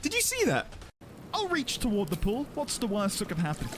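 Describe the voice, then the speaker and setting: A woman streaming a game live, excitable and laughing often as she talks to her chat. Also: medium pitch, fairly quick, heavy background noise. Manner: excitable, squealing and laughing a lot. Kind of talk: casual live-stream chat while playing. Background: music.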